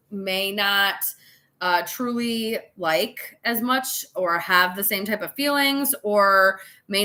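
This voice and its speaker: A woman's voice: mid-range voice, sharp tone. A tipsy woman giving a casual live tarot reading, chatty and laughing, with swearing and dramatic asides. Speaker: tarot reader.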